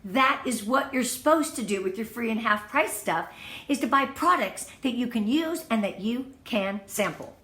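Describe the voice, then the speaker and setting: A woman with a slightly high voice coaches her sales team through an online party presentation, talking in an upbeat, gushing way. She speaks from her home in front of her product display wall. The room around her is echoey. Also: lively intonation, moderate pace, fairly bright tone. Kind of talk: training talk on giving online party presentations.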